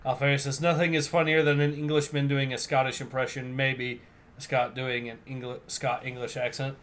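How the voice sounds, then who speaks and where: A young man hosts a livestream in a laid-back way, reading viewer comments aloud with fillers and laughs. His voice has a medium pitch, level tone, and moderate pace, and sounds a bit bright.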